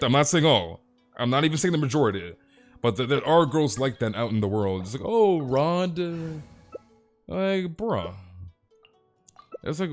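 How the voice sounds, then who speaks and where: A young man streaming a game who chats casually with viewers, rambling, stammering over repeated words and saying "dude" constantly. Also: on the low side.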